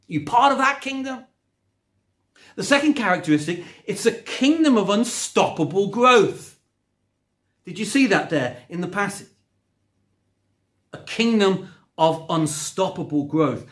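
A man preaching a sermon from home, emphatic and rising on key words, with conversational asides. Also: high-pitched. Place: at home, recorded during lockdown.

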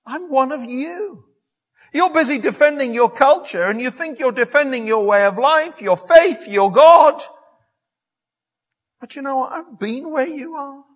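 A preacher acting out an impassioned apostle who pleads fervently with a hostile crowd. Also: male voice, very high-pitched, animated, unhurried, a bit bright, pitched above the performer's own voice, heavily acted.

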